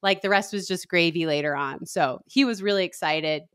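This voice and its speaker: A middle-aged woman chats on a podcast, telling her story with animated energy. She jumps up high in pitch when she quotes other people. The sound is close and dry, with no room around it. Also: fairly quick, smooth, dry recording. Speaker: podcast co-host. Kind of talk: casual chat.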